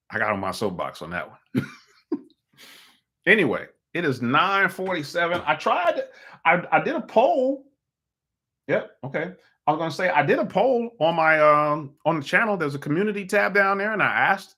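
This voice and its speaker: A man talks into a desk microphone while hosting his own live call-in stream. His voice is bright and forward. He rambles through opinionated political commentary in an animated way, restarting sentences and chuckling as he goes. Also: on the high side, normal speed.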